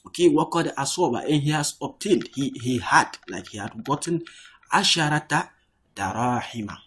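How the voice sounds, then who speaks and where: Um professor de árabe numa aula online, que explica com paciência, repete as palavras e diz "okay" com frequência. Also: male voice, mid-range voice, expressive, a little fast, a bit bright, husky. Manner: explains patiently, repeats words, says "okay" often. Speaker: Arabic teacher. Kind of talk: online language lesson.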